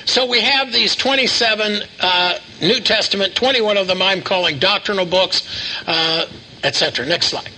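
An older man gives a sermon with a bright, ringing tone and a fairly high voice. He talks in a folksy, anecdotal way, circling back and repeating himself, and a faint hum of room ambience sits under his voice. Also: normal speed, rough recording. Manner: folksy storytelling with asides and repeated phrases. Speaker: pastor.

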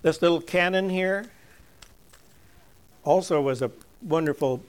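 An older man giving a chatty, storytelling object lesson to a church congregation, chuckling often and going soft and slow when earnest. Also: on the high side, clean tone.

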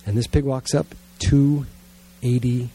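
A middle-aged man preaching to a gathered congregation, telling a self-mocking family story in a lively way and then praying quietly and earnestly. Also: mid-range voice, measured pace, husky. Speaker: pastor. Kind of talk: sermon storytelling and prayer. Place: church gathering with listeners present.

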